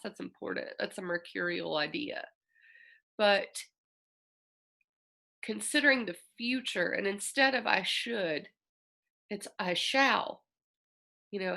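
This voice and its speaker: A woman astrologer talking earnestly and reflectively, with a bright, forward tone and a gravelly edge of vocal fry. Her casual delivery carries open emotion. She sounds like a host speaking straight to her listeners. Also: medium pitch. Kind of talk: casual spoken astrology talk.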